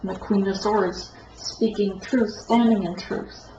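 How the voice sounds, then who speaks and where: A woman giving a rambling tarot card reading, with a stuffed-up nose and a halting, self-correcting way of talking. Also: mid-range voice, fairly even intonation, mellow. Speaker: tarot reader. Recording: echoey room, dull lo-fi sound, faint noise.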